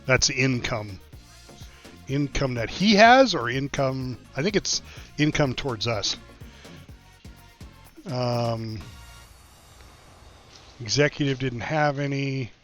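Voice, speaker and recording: A man's voice: medium pitch, lively intonation, slow, pauses often, fairly bright tone. A man casually commenting on a strategy game as he plays, thinking aloud with many fillers. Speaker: gameplay streamer. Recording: slightly dull lo-fi mic with faint music.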